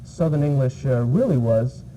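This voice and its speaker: A man's voice: mid-range voice, animated, normal speed, dark tone. A man from New York, an English teacher answering interview questions, hesitating often with uh and um. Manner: hesitant, many fillers. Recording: muffled archival TV audio, faint hiss.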